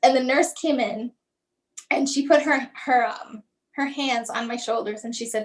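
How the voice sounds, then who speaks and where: A woman's voice: high voice, normal speed, poor audio. A woman guest telling a personal story about her son, acting out remembered dialogue with frequent "like" and "um". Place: lives in the Tampa area.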